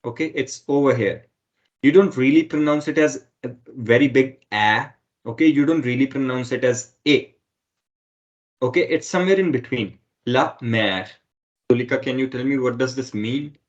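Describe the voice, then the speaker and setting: A man's voice: medium pitch, normal speed, dull audio. A man teaching a French lesson online who explains step by step and keeps repeating himself with "okay".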